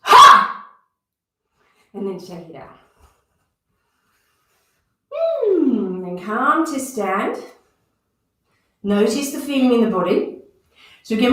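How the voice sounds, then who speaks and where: A woman's voice: a little high, sing-song, normal speed, pauses often, far from the mic. Woman teaching breathwork in a very echoey room. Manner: instructive, counting out movements and breath cues. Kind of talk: guided movement and breathing class.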